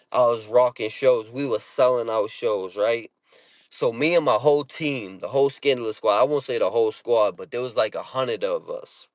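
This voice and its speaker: A man's voice: mid-range voice, no room sound. A man with a Boston accent, a rapper casually telling stories to his viewers and answering comments in blunt street slang with heavy swearing.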